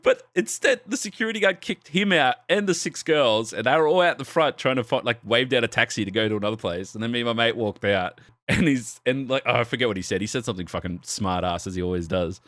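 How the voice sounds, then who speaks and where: A man's voice: medium pitch, animated, quick pace, a bit bright, dry recording. A young man co-hosting a podcast, telling a bar story with lots of swearing and laughter and putting on the voices of the people in it. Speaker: podcast co-host. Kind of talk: casual podcast chat, storytelling. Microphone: desk microphone with arm.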